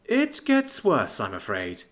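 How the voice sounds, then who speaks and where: A man's voice: medium pitch, wildly swooping pitch, takes it slowly. A man voicing Essie, the oldest of the huntresses, dry and teasing, in a raised, playful and wry voice. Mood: grim.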